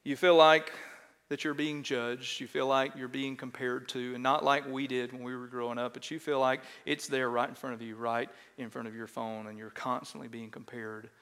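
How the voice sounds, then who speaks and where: A middle-aged pastor with a Texan accent, preaching a sermon and telling a self-mocking story in an animated way, often checking in with "right?". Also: male voice, medium pitch, normal speed, clear, resonant tone. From Texas. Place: large church sanctuary. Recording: long church hall reverb.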